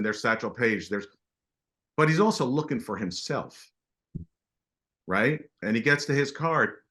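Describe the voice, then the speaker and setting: Speaking at a medium pitch, a middle-aged guest artist recounts stories in an informal interview. He sounds animated, though he halts and begins again frequently.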